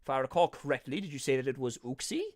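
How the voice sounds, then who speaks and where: Man doing a steady, thoughtful ghost mentor, dry and close. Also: mid-range voice, no room sound, lightly acted. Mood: calm, reasoning. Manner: measured, reasoning aloud. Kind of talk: voicing game dialogue.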